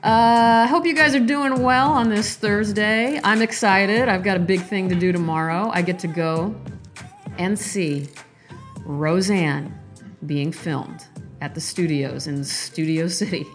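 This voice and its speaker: A woman hosting her own podcast, talking in a candid, rambling casual monologue with lively swings in pitch. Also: measured pace, faint music behind. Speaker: podcast host.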